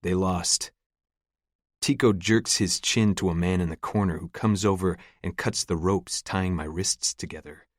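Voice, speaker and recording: A man reads a first-person audiobook in a deadpan, sardonic tone. His voice is very low and steady. The recording is dry and close, with no room sound. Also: normal speed, hardly any pauses, no room sound. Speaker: audiobook narrator.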